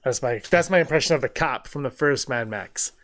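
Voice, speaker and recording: A young adult man co-hosting a podcast in casual chat, animated and laughing, slipping into quick movie-voice impressions. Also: medium pitch. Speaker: podcast co-host.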